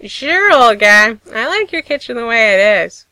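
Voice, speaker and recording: A woman's voice: on the high side, very animated, measured pace, sharp tone, dry recording, exaggerated voice, rough recording. Woman voicing a teasing young man. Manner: easy, teasing. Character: young man, teasing yet shaken son.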